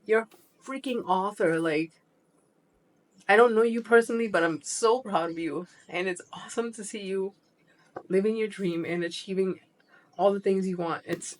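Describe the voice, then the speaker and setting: A woman in her forties vlogging casually to camera, chatty and effusive, with the odd casual swear. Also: on the low side. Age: 40s. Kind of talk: casual vlog talk to camera.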